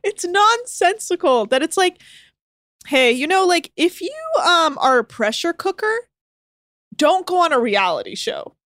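A woman co-hosting a podcast chats in an animated, sweary way, tossing in quick asides. Her voice sits high and swoops widely. It is recorded close and dry, with no room sound. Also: no echo. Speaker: podcast co-host. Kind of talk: casual podcast chat.

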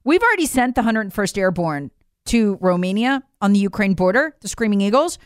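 A woman's voice: mid-range voice, very animated, brisk, smooth, no echo, studio quality. An American woman giving emphatic, incredulous opinion commentary, leaning on rhetorical questions. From United States. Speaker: political commentator.

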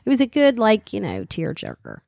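A woman's voice: medium pitch, huge pitch swings, fairly quick, gravelly, darkish tone, dry recording, studio quality. A middle-aged woman with a Southern US accent, co-hosting a radio show in casual, chatty talk full of fillers and restarts. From American South. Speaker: radio co-host. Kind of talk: casual chat.

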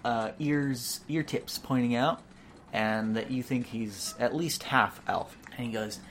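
A woman's voice: very deep voice, measured pace, slight background noise. A woman narrating as game master, describing scenes loosely with many filler words. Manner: casual, lots of "like" fillers.

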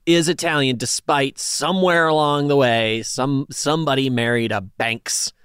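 A man's voice: mid-range voice, steady tone, moderate pace, a bit bright, smooth, no room sound, clean studio sound. A man co-hosting a podcast in casual chat, joking and playful. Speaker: podcast co-host.

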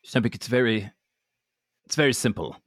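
A man's voice: fairly low pitch, animated, normal speed, no echo, clean studio sound, lightly acted. A man voicing a reckless young man who coaxes his younger brother into mischief, in a tabletop game. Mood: coaxing. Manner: breezy, coaxing, persuasive.

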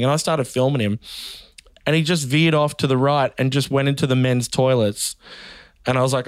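A man, a comedian, telling animated stories in a casual podcast chat and laughing often. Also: mid-range voice, normal speed, smooth, no room sound, clean studio sound.

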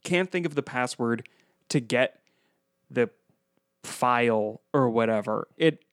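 A man's voice: medium pitch, slow pace, no echo, studio quality. A man co-hosting a podcast, chatting casually about a movie and slipping into playful impressions of film lines. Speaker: podcast co-host. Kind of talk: casual movie-review chat.

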